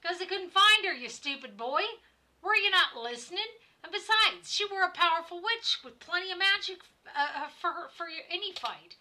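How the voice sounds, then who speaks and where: A woman's voice: fairly high pitch, animated, a little slow, pushed and bright, full character voice. Woman doing a pompous blustering innkeeper. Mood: scolding. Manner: pompous, scolding. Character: pompous middle-aged male innkeeper, blustering. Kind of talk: reading game dialogue aloud in voices.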